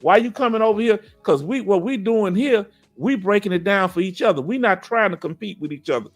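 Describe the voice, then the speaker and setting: Southern man, middle-aged, lively stream host, higher voice, faint music behind. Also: brisk. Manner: animated, preachy, keeps asking "you understand?". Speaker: veteran live-stream host. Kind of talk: casual live-stream chat reading comments.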